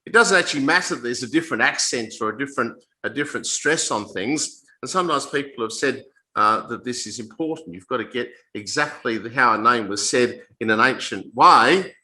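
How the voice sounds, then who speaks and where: A man teaches from the Bible in an informal, conversational talk. His voice has a very bright, sharp edge. He often stumbles and restarts mid-sentence, then drops in casual asides. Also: mid-range voice, lively intonation, rough recording. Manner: halting, repeats and restarts phrases mid-sentence; plain conversational explaining with asides.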